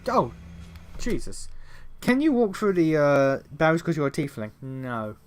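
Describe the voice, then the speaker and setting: A man's voice: a little high, big pitch swings, measured pace, slight background noise. Give me a man reading game text aloud on stream and cursing at what happens. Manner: swears freely, laughs at the story.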